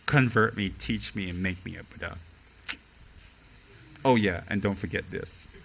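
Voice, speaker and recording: A man's voice: low-pitched, measured pace, creaky, a bit bright, slight background noise, pitched below the performer's own voice, full character voice, rough recording. A man voicing an arrogant male student who talks down to his teacher. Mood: smug. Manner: smug and drawling.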